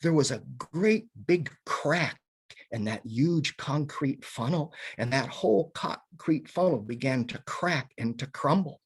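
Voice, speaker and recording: A man telling a comic tall tale to an audience, animated and chuckling at his own jokes. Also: fairly high pitch, unhurried, slightly rough. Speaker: storyteller. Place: home, virtual session.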